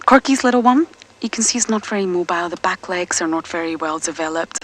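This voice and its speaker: A woman's voice: lowish voice, lively intonation, brisk, poor audio. A woman safari guide talking to viewers live from a game vehicle outdoors, often whispering so she won't startle the animals. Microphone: earpiece and mic.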